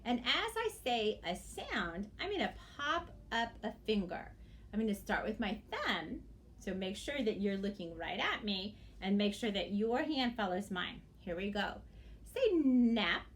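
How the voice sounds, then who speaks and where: A woman teacher giving a phonics lesson to young children, sounding out words slowly and praising often. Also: medium pitch, big pitch swings, slight background noise. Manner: slow, exaggerated sounding-out of words; encouraging praise.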